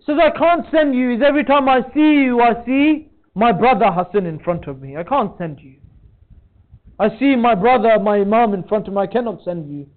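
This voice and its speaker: High voiced guy preaching a sad sermon, sounds like a thin phone line. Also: normal speed. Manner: recites in a rising lament, voice breaking toward tears. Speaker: speaker at a mourning gathering. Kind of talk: emotional sermon narration.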